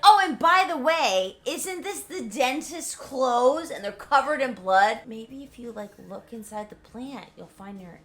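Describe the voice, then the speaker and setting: A suspicious old shopkeeper who lays out clues in a sly, mock-innocent way, as a tipsy woman puts him on. The voice is bright and bouncy. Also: high-pitched, animated, measured pace, hardly any pauses. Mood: insinuating. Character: suspicious older man, shop owner.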